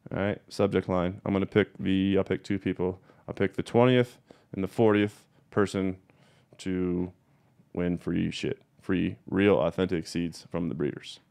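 Profane, heated man with a smooth voice. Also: low-pitched, steady tone, unhurried, a little mellow. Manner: profane, blunt and heated, repeats points for emphasis. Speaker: cannabis breeder. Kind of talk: casual ranting video monologue.

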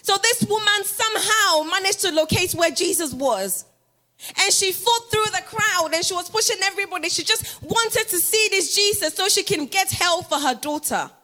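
High, bright-voiced woman preaching a sermon. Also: lively intonation, normal speed, soft background music. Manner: dramatic storytelling, acting out the people in the story; preaching with emphatic repetition. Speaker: pastor's wife preaching.

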